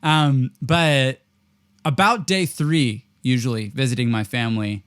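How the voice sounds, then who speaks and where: Jokey Canadian-born host, dry sound. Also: male voice, medium pitch, a bit bright, dry recording. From rural Ontario, Canada. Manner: friendly and jokey, quick to laugh. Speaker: podcast host. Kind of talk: conversational interview.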